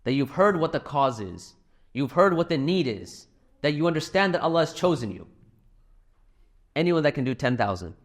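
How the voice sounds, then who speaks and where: A man's voice: fairly high pitch, very animated, normal speed, pauses often. A middle-aged man speaking to a live audience in a hall, telling anecdotes and making a donation appeal in a conversational way. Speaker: speaker at a fundraising talk.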